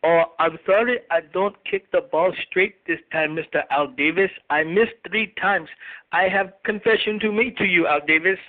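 A man's voice: high-pitched, moderate pace, pitched below the performer's own voice, close to an everyday voice. A man on a phone call putting on a groveling kicker with a broken foreign accent. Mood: mock apology. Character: apologetic male kicker with a put-on Eastern European accent. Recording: tinny phone line.

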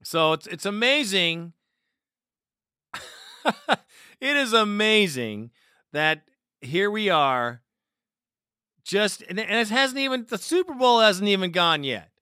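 A man's voice: sits high, lively intonation, slow pace, long pauses, pushed and bright, clean tone, dry recording, clean studio sound. Heated, profane man ranting on a talk show. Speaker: sports talk show host. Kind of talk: angry fan talk show rant.

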